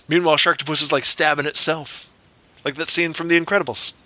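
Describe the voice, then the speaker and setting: A man's voice: fairly high pitch, little pitch movement, quick pace, bright, forceful tone, no room sound. A man in casual podcast chat, working through numbers aloud and double-checking himself.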